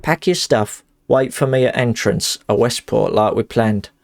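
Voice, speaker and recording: A man's voice: medium pitch, unhurried, vocal fry. A man voicing a scheming male thief in a put-on Cockney accent with northern slips, reading in a hammy, theatrical way. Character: scheming male thief writing to his love.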